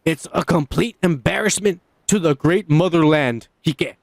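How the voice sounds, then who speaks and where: A man's voice: fairly high pitch, moderate pace, vocal fry, no echo. A man hosting a casual podcast, rambling and swearing, often repeating himself. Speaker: podcast host. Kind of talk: casual drunk podcast banter.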